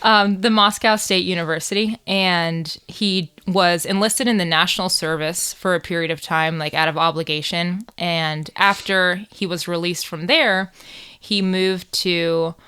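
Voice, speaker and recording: American woman, low smooth voice, irreverent true-crime podcast co-host. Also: fairly even intonation, a little slow, sharp tone. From United States. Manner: irreverent, swears and jokes while telling the case. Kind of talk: casual true crime chat.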